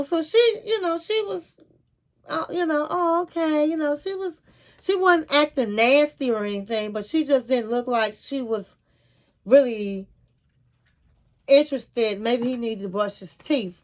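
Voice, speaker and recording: A woman's voice: fairly high pitch, animated, measured pace. A woman casually recapping a reality show and giving frank advice, calling her viewers honey and queens. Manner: chatty, retells scenes with quoted dialogue.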